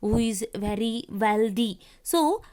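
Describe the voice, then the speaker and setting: Woman, Indian English accent, schoolteacher, high-pitched, unhurried, instructive reading lesson. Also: expressive, a little mellow. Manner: slow, deliberate reading, spelling words letter by letter; instructive, repeats directions to children. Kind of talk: classroom reading lesson for young children.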